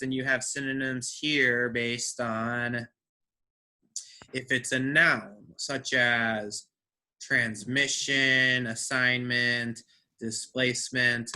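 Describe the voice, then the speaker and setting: A man's voice: medium pitch, pushed and bright. A man teaching an English class, who checks understanding with frequent "right?" and repeats words to drill their stress.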